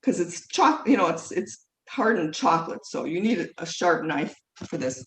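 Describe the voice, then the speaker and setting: A woman's voice: fairly low pitch, big pitch swings, normal speed, a bit bright. A woman teaching a live online cooking class from her kitchen, talking in a chatty, rambling way full of fillers and self-corrections. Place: home kitchen. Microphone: video call mic at a distance. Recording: echoey kitchen, distant mic, faint noise.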